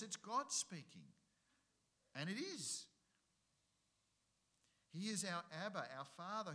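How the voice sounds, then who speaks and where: A middle-aged man preaching with a swinging, expressive pitch and a bright, forceful tone. He repeats key phrases and fires rhetorical questions at his listeners in an animated sermon delivery. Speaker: pastor.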